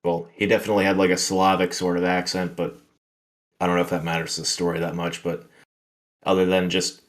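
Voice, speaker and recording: A man's voice: sits low, flat delivery, a little fast. A man hosting a podcast, telling a work story in a rambling, filler-heavy, profane way. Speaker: podcast host. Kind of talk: casual storytelling chat.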